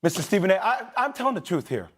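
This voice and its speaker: A fairly high male voice lays out his case in a studio sports debate. He stays measured and reasoned and stumbles a little on restarts when he is cut off. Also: sing-song, husky. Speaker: sports analyst, debate guest.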